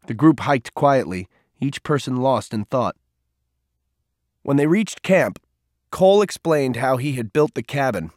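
A man narrating a story aloud in a steady, even reading voice. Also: medium pitch, unhurried, no echo, clean studio sound. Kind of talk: audiobook narration.

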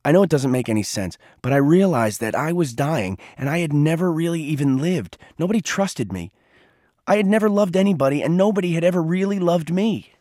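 A frightened, defensive teenage boy, his voice pitched up and wavering, as a male narrator puts him on. He speaks with trembling emotion in a dry, close storybook reading. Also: expressive, brisk, a little mellow, no echo, lightly acted. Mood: pained.

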